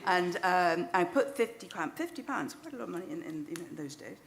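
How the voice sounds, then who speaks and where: A woman's voice: lowish voice, animated, a little fast, fairly bright tone, slight background noise. Chatty self-deprecating British woman novelist. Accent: British English. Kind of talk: live storytelling on stage. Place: stage of a small club venue.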